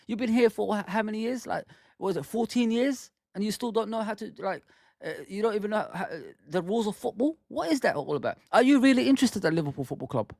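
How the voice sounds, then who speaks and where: A man's voice: high voice, lively intonation, fast talker, vocal fry, a little mellow, dry recording, clean studio sound. A man hosting a football fan channel, ranting with heated, exasperated commentary and some swearing.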